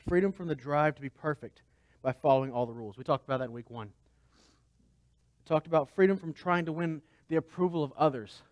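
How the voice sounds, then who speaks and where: A man's voice: a little high, a little fast, darkish tone, dry recording. A man pastor giving a conversational sermon, asking the congregation rhetorical questions.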